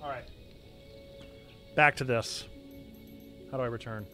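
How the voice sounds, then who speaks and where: A livestream host chats casually with his audience over game music, reading aloud and poking fun at himself. His medium-pitched voice is bright and forceful, and he speaks a little slowly.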